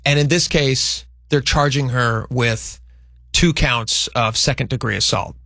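A man's voice: medium pitch, vocal fry, bright, forceful tone, no echo, clean studio sound. A man co-hosting a show, chatting casually about news stories and thinking aloud. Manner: conversational, thinks aloud, reads a statement aloud slowly.

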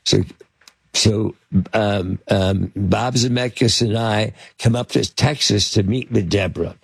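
A man's voice: a little slow, vocal fry, breathy edge, no echo. An older man telling a rambling anecdote as an interview guest, hesitant and full of fillers and restarts. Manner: acts out quotes with sudden pitch jumps. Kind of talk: anecdotal storytelling.

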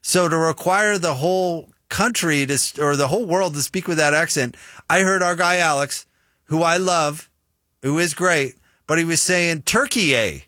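Bright-voiced Utah sports radio host. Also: male voice, fairly high pitch, moderate pace, no room sound, studio quality. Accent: Utah American. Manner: chatty, self-deprecating, animated storyteller. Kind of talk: casual sports radio chat.

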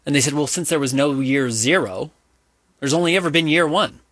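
A man's voice: on the high side, brisk, fairly bright tone, dry recording, clean studio sound. A man co-hosting a casual sports talk show, rambling and wry.

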